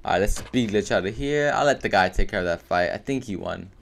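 A man giving live gameplay commentary for his video, excitable and full of profane trash talk. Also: fairly low pitch, fairly quick, vocal fry. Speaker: gaming video creator.

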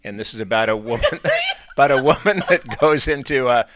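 An actor from Illinois, USA, is interviewed and tells long, casual anecdotes packed with fillers and restarts. His medium-pitched voice is animated, fast and fairly bright.

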